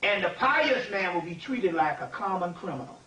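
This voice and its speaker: A man with a fairly high voice gives a loose, lively lecture that drifts from point to point and keeps checking that the room follows him. He sounds set back from the microphone, in an echoey room with a faint ambient hum behind him. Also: normal speed, recorded from a distance. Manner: animated, digressive, keeps asking "you see what I'm saying". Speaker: lecturer on spiritual history. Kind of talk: informal spiritual lecture.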